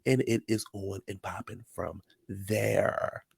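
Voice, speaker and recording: A man's voice: fairly low pitch, takes it slowly, vocal fry, husky. A man giving casual, sassy reality-TV recap commentary, full of slang like "child" and "honey.".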